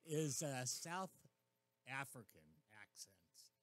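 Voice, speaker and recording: A man's voice: mid-range voice, slow, a bit bright, no room sound. A man in casual radio banter, chatting and telling candid anecdotes.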